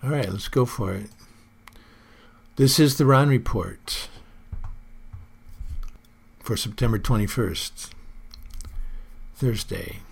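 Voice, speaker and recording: A man's voice: mid-range voice, takes it slowly, creaky, long pauses, husky. A man hosting his own personal report, musing aloud in an earnest, casual monologue.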